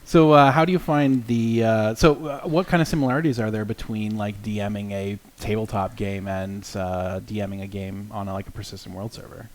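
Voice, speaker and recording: A man's voice: on the low side, steady tone, a little fast, few pauses. A man co-hosting a livestream, asking casual questions, who laughs easily. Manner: laughs easily, short affirmations. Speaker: livestream co-host. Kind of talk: casual interview chat.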